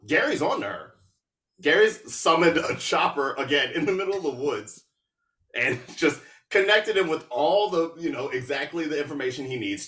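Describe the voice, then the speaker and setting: A man hosting a podcast, recapping a movie in a casual, animated and sarcastic way. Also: medium pitch, reverberant, distant mic. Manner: animated, sarcastic, with laughs and asides. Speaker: podcast host.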